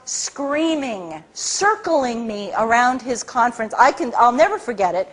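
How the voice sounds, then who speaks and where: A middle-aged woman speaking to an audience, telling a story in an animated way and acting out the people she quotes. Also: unhurried, few pauses. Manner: acts out quoted people with big pitch jumps. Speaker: speaker at a public talk.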